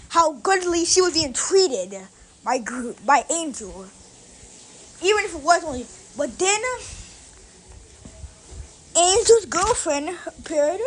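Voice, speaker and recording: A girl casually telling a fan fiction story out loud, rambling with frequent restarts and fillers. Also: extremely high pitch, a little hiss or hum.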